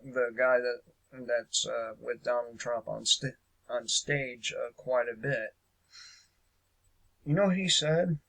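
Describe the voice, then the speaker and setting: A man's voice: mid-range voice, slow pace, creaky, long pauses, a bit bright, low-quality recording. A man hosting a casual political commentary show, speaking hesitantly with lots of fillers and a sarcastic edge.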